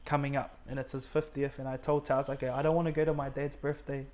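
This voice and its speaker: A man's voice: mid-range voice, little pitch movement, fast, darkish tone. A man, earnestly telling a personal faith story in conversation and acting out the words people said. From New Zealand. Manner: earnest, acts out his own and others' quoted words, many fillers. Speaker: guest sharing a faith testimony.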